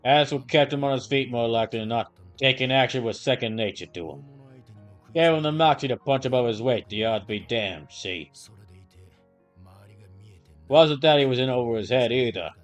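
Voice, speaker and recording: A man voicing a gruff, tough-guy older brother with an old-time gangster swagger, tagging his lines with a clipped "see?". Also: mid-range voice, animated, normal speed, pauses often, faint music behind, natural voice. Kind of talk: voicing game dialogue aloud.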